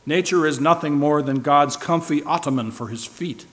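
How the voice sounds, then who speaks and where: A man's voice: fairly high pitch, normal speed. A man preaching a sermon with emphatic stress, now and then asking the listeners questions. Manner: emphatic, shifting loud and soft for stress; asks the listeners rhetorical questions.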